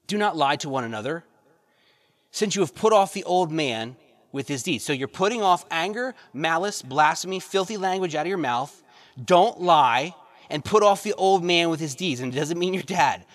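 Speaking at a normal speed in an expressive voice on the high side, a male pastor reads scripture during his sermon. He pushes his congregation with repeated phrases and rhetorical questions.

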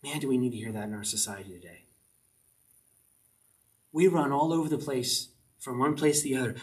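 A man's voice: medium pitch, brisk, long pauses. A man preaching a sermon as pastor, earnest and driving his point home with short repeated commands. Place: church service. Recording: voice a bit distant from the mic.

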